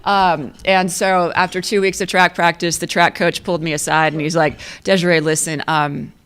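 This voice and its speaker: A woman's voice: lowish voice, little pitch movement, moderate pace, a bit bright, smooth. A woman in her fifties giving a conversational, self-deprecating storytelling speech as an athletic director, often laughing at herself. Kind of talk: storytelling club luncheon speech.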